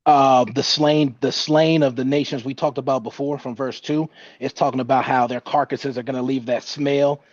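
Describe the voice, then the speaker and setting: A man's voice: mid-range voice, level tone, normal speed, few pauses, dry recording, muffled recording. A man in a casual Bible study who talks his way through each passage, hesitating and correcting himself as he goes. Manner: hesitant, self-correcting, with fillers.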